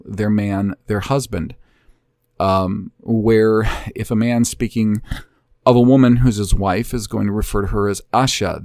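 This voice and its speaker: A man hosting his own channel, deliberately and earnestly explaining a document, step by step. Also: on the low side, darkish tone, no room sound, studio quality. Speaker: host of a Bible language channel. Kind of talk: explanatory talk walking through a document.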